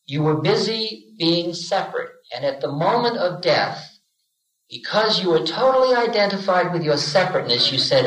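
Bright-voiced man giving a roomy spiritual lecture. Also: high voice, big pitch swings, normal speed. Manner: storytelling, acts out quoted voices with humor. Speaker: spiritual teacher.

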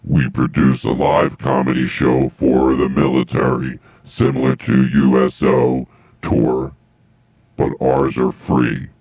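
A man imitating a deep-voiced, gruff male comedy club doorman, with a deadpan, insulting manner. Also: slow pace, no room sound, muffled recording, full character voice. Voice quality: deep, gravelly.

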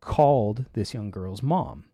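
A man's voice: lowish voice, takes it slowly, no echo, clean studio sound. A man hosting a casual tech talk show, telling stories and acting out the voices in them. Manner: animated storyteller, acts out quoted voices.

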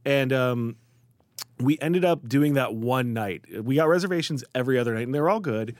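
A man's voice: mid-range voice, moderate pace, dry recording. A man from the Chicago area, a guest writer, telling food stories in a casual interview and acting out the people he quotes. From Chicago area, USA. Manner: animated storyteller, quotes people in lively voices.

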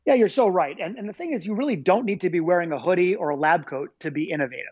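A man's voice: high-pitched, quick pace, darkish tone, husky, no echo, dull audio. A man being interviewed as an author, talking in an upbeat, enthusiastic way. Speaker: guest author. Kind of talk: energetic interview talk.

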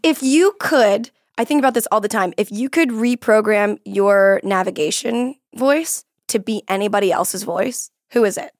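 A woman's voice: medium pitch, normal speed, hardly any pauses. A young adult woman hosting a casual chat, playful and teasing as she asks questions. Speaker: podcast host.

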